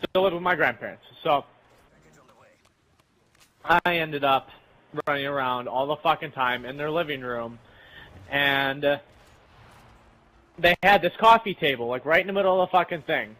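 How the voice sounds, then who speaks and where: A man's voice: on the high side, measured pace, long pauses, a bit bright, rough recording. A young man casually telling a rambling, profane story while playing a game with friends. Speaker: channel host.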